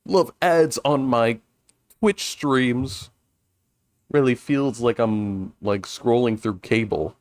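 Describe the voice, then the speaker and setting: A man's voice: mid-range voice, takes it slowly, darkish tone, dry recording. A male streamer chatting casually during a game, rambling with restarts and frequent chuckles. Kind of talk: casual let's-play chat.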